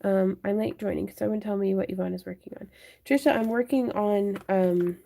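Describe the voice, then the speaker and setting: A woman's voice: medium pitch, fairly even intonation, moderate pace, vocal fry, mellow, a little hiss or hum. A young woman hosting a craft livestream, chatting casually and answering viewers while she works. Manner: chatty, thinks aloud and answers viewer chat.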